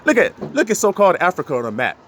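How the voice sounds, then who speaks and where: Brief: man, sermon preacher, animated pitch, higher voice, faint noise behind. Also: rapid-fire. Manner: preachy, laughs often, swings between loud and low. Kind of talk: street sermon.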